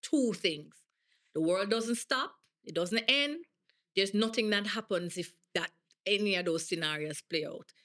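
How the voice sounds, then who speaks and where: Jamaican woman in her thirties, interview guest, bright and forceful tone, emphatic storyteller with patois turns. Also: medium pitch, measured pace. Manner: animated, emphatic, slips into patois. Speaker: guest athlete.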